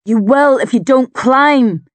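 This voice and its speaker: A woman's voice: high voice, slow pace, dry recording, voice pushed up. A woman voicing a stubborn older male druid who bellows commands in an audiobook. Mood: urgent shouting. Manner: shouting orders over the sea.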